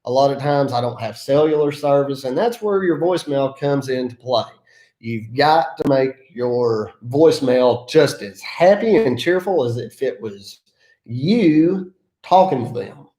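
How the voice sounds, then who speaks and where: A man from the North Carolina mountains, a land clearing contractor, speaks in an Appalachian accent at a measured pace. His mellow, medium-pitched voice is expressive as he gives folksy, self-deprecating business advice in a casual vlog. The room is echoey.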